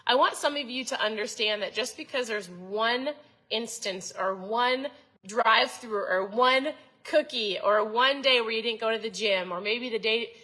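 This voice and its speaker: Bright-voiced chatty woman coaching viewers. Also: mid-range voice, rough recording. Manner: chatty, coaching, asks the audience questions. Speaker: host. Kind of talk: casual motivational talk to viewers.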